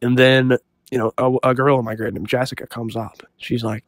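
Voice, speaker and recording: A young man telling a comic story in a deadpan, self-serious, rambling way. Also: mid-range voice, normal speed, dry recording, clean studio sound. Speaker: comedy storyteller. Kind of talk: deadpan comedic story monologue.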